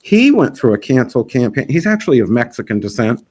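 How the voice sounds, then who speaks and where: A man's voice: mid-range voice, big pitch swings, fairly quick, darkish tone. A man who organizes a festival, chatting in an interview in a rambling, frank and opinionated way. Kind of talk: casual interview chat.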